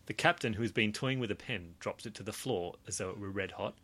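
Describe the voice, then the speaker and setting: A man's voice: on the low side, fast talker, sharp tone. A man reading a gamebook aloud to friends in a playful, chuckling way. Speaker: reader running the game book.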